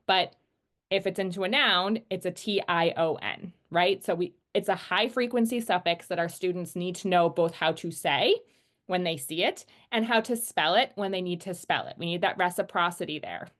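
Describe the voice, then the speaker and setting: A woman teaching about word sounds, patiently explaining and slowly sounding out example words, often checking in with "right?". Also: on the low side, fairly bright tone. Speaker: literacy teacher trainer. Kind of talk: instructional explanation.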